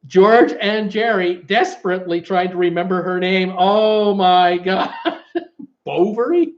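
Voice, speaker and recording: A man hosting a live-stream trivia chat who keeps breaking into laughter while reading viewer comments, his voice gone hoarse from laughing. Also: high voice, muffled recording. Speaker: host of a live cruise news and trivia stream.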